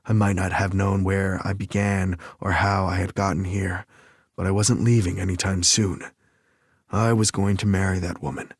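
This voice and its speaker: A man narrating a romance audiobook in first person, measured and even. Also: deep voice, breathy edge, no echo, studio quality.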